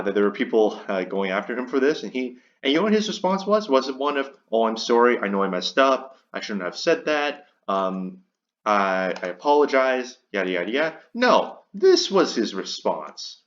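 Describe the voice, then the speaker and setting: A man rants into a dull, lo-fi microphone, his pitch swinging widely as he goes. He stammers and repeats himself in open indignation, like a commentary video made at home. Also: a bit bright. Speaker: commentary YouTuber. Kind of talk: ranting commentary.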